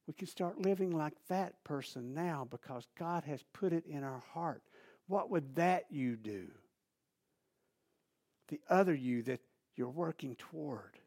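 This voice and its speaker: A man preaching a sermon, animated and repetitive, building emphasis and dropping to soft asides. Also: a little high, unhurried. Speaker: pastor.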